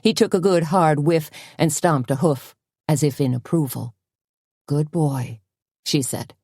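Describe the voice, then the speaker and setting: Low, mellow-voiced woman narrating. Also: normal speed, breathy edge, no echo, studio quality. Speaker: audiobook narrator. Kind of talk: scripted narration.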